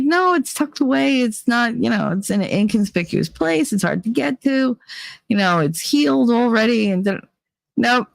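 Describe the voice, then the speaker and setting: A woman's voice: medium pitch, no echo. A woman hosting a livestream, reading out chat and talking things through in a candid, joking way, her voice a little worn. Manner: candid, joking, drifts between reading chat and musing aloud. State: tired, voice worn.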